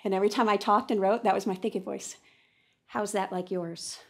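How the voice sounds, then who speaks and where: Speaking briskly at medium pitch, a teacher trainer reads a text aloud to a classroom audience and narrates her thinking as she goes, shifting with animation from reading to reflecting in this think-aloud demo.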